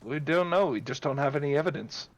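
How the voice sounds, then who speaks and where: A man playing in a tabletop game, talking deliberately and dryly, with faint room noise behind him. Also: fairly high pitch, lively intonation, lo-fi sound. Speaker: player. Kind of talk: casual chat at a tabletop game.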